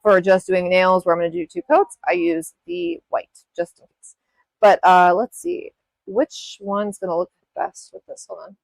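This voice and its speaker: Her voice lowish and gravelly at a normal pace, a young woman demonstrates nail art live from her home studio. She chats casually, rambles, and keeps stopping to apologize, with no room sound on the recording.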